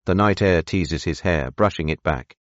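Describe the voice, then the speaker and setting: Male narrator, very deep voice, first-person audiobook reading, steady measured delivery, dry slightly dull sound. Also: no room sound.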